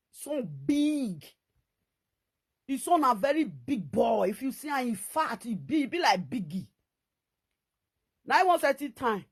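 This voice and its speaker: A middle-aged woman vlogger with a Nigerian Pidgin accent rants to camera, scolding animatedly and repeating herself. Her voice is high-pitched and husky.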